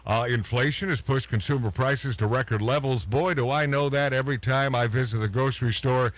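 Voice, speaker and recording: A man's voice: mid-range voice, a little fast, a little hiss or hum. A man hosting a talk radio show, ranting bluntly and swearing freely about the news. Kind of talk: opinionated talk radio chat.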